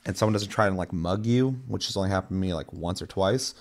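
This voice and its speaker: Deep-voiced and quick, a young man chats loosely on a podcast, telling rambling stories full of swearing and filler words.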